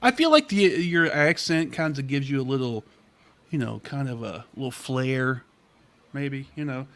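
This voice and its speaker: Bright, sarcastic American man. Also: mid-range voice, expressive, moderate pace. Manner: profane, sarcastic. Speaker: podcast host. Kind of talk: casual chat.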